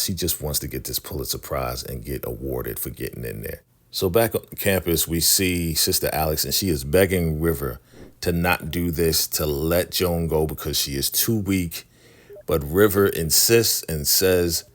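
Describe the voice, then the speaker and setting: A man casually recapping a TV episode, acting out the characters' lines in an animated way. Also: a bass voice, unhurried. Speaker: show recap host.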